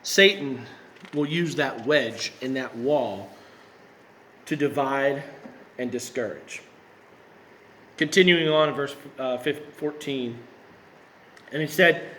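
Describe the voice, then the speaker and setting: A man's voice: medium pitch, takes it slowly, long pauses, fairly bright tone. A man preaching a sermon in a conversational way, tossing in rhetorical questions. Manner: conversational, with rhetorical asides and self-corrections.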